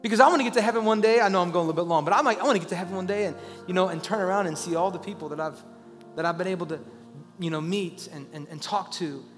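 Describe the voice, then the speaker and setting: A man preaching a sermon as a pastor, talking conversationally and rising into loud, urgent pleas. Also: high voice, racing, long reverb tail, soft background music.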